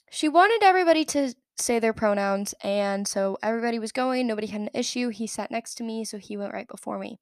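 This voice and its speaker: Chatty and opinionated, a young woman tells a story on her own solo podcast, leaning heavily on filler words. She speaks at a medium pitch, with studio-quality sound and no echo.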